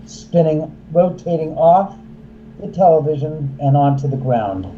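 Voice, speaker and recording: A man, a haunted house owner and filmmaker, telling an animated story and acting out the voices of the people in it. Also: a little high, a little slow, narrow, tinny audio, slight background noise. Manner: acts out quoted voices, excitable.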